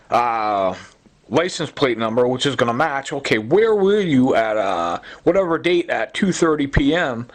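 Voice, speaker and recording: A middle-aged man giving a rambling, agitated personal testimony, full of fillers and repeats. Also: mid-range voice. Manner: agitated, repetitive, many fillers. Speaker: self-recorded complainant.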